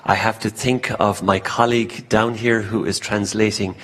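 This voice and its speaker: Irish male conference speaker, low husky voice, earnest and self-deprecating. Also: level tone, normal speed, fairly bright tone. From Ireland. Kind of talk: conference talk. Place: conference hall.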